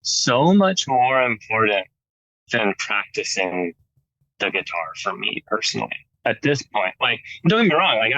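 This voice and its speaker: A man's voice: lowish voice, sing-song, unhurried, pushed and bright, slight background noise, low-quality recording. A man in his thirties with an American accent, a guitarist talking casually in an interview, full of "like" and restarts. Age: 30s. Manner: rambling, lots of "like" and restarts. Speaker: guest guitarist. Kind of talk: casual conversation.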